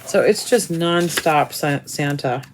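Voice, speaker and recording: A woman's voice: sits low, slow, a little hiss or hum, rough recording. A woman casually showing her cross stitch chart books to viewers, chatty and admiring, thinking aloud as she flips pages. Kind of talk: casual show-and-tell of craft books.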